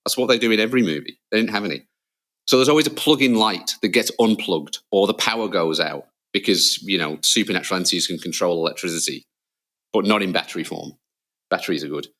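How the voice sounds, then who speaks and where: Man, low voice, casual podcast chat, animated storyteller, acts out scenes. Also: fast. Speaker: podcast co-host.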